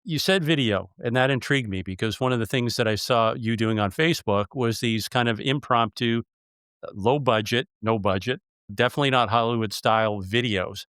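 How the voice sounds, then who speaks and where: A man's voice: mid-range voice, brisk, fairly bright tone, clear, resonant tone, no echo, studio quality. A man hosting a casual interview, telling stories with emphasis. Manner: storytelling, emphatic. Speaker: podcast host.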